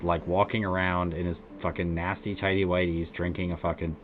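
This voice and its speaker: Speaking low, flat and brisk, an American man streams a game and wanders through a loose anecdote, filling gaps with "uh" and "like." There's a little hiss or hum, and the sound is thin and phone-like with quiet music underneath.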